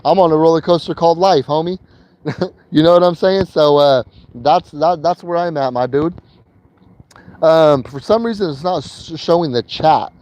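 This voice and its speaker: A man's voice: a little high, moderate pace, darkish tone. A man telling a personal story in a casual vlog while in a vehicle he is driving, talking loosely with slang and many fillers and repeats. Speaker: vlogger.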